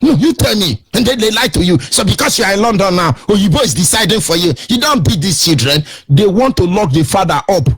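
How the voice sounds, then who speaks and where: A middle-aged Nigerian-accented man holds forth as a radio host, preaching his points with emphatic, sing-song rises. His voice sits high and swings widely in pitch, with a husky edge. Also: expressive, brisk, hardly any pauses.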